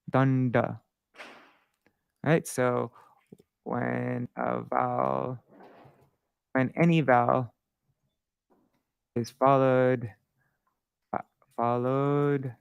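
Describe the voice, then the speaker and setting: Man, gravelly yet smooth voice, dry close sound; casual patient teacher who restarts often and chants rhythms slowly. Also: mid-range voice, steady tone, no echo. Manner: patient, halting, thinks aloud with many restarts; chants syllable patterns slowly to demonstrate. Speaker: Sanskrit meter teacher. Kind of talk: live-streamed casual lesson.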